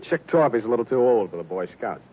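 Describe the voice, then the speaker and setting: A man's voice: mid-range voice, lively intonation, fast, a little hiss or hum, close to an everyday voice. An actor playing a wisecracking private eye who narrates his case in a 1940s radio drama, with dry, wry delivery. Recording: tinny old radio broadcast.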